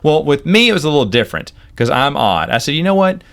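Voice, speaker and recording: A man's voice: quick pace, vocal fry. A man in his forties casually telling stories from his life as a podcast host, acting out the people in them with big jumps in his voice. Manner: animated, acts out quoted people with big pitch jumps. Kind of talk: casual storytelling.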